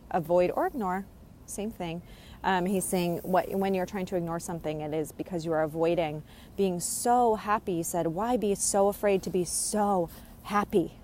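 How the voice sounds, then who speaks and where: A woman speaks in a loose, rambling way as she passes on a spirit's words. Her voice sits a little low, and her talk is full of fillers, restarts and bursts of giggles. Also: darkish tone, a little hiss or hum. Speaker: spirit medium relaying messages. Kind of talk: casual channeling monologue.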